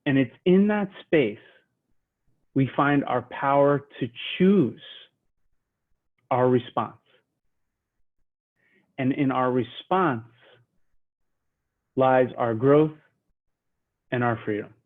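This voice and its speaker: A man teaching a leadership lesson, guiding listeners through a slow mindful breathing exercise and speaking in a soothing manner. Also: medium pitch. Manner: slow, soothing, drops to a hush while counting breaths. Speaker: leadership trainer. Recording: tinny phone-like sound.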